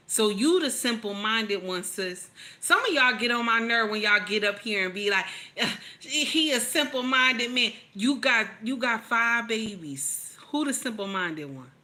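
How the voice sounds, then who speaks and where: Woman, streamer, casual commentary, bright tone, blunt, profane. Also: mid-range voice. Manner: blunt, profane, laughs often, reads chat aloud. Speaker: commentator reacting to a clip.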